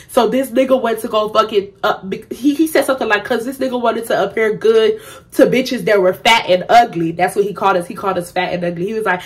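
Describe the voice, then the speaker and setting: A young woman vlogger telling a storytime, blunt and profane, animated as she acts out what others said. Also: medium pitch. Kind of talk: storytime vlog.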